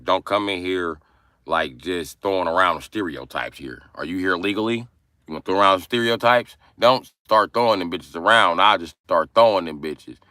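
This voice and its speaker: A man hosting a casual livestream, brash and profane as he roasts his chat, with sudden bursts of yelling. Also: deep voice, moderate pace, no room sound, clean studio sound. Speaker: livestream host.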